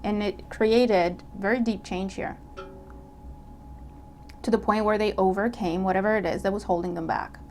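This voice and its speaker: Animated woman giving a tarot reading. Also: mid-range voice, normal speed, long pauses, faint music behind. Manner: animated, acts out imagined dialogue; checks in with listener, repeats herself. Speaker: tarot reader. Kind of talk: casual tarot reading to camera.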